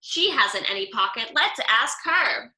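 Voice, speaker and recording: A woman's voice: on the high side, big pitch swings, a little slow, sharp tone, reverberant, heavily acted, poor audio. A woman voicing a sad, anxious mother kangaroo in a storybook reading, pleading and tearful.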